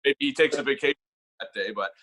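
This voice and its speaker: A man's voice: medium pitch, fast talker, sharp tone, poor audio. A man co-hosting a podcast, chatting casually and enthusiastically with his guest. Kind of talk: casual chat.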